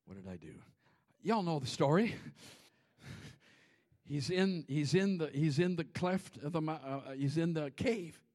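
A pastor with a high voice delivers a sermon in a church. He moves between hushed, breathy whispers and loud, ringing shouts as he preaches. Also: a little slow, long pauses. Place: church sanctuary.

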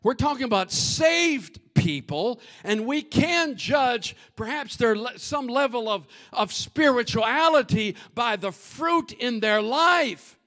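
A man preaching a humorous, animated sermon and addressing the congregation directly. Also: extremely high pitch, slow, few pauses.

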